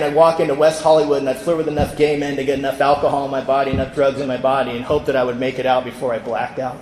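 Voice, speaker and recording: A man's voice: fairly high pitch, a little mellow, a little hiss or hum. A man from California telling his recovery story to a convention audience, acting out the people in it. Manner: storytelling, acts out quoted people. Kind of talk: personal recovery story told to a crowd. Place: large convention hall. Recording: echoey hall with long reverb.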